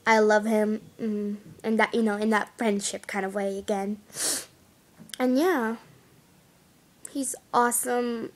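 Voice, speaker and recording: A woman's voice: medium pitch, steady tone, takes it slowly, pauses often. A girl vlogging casually, rambling and giggling as she talks about her classmates. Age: young girl. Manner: chatty, giggly, rambling with restarts. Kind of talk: casual chat to camera.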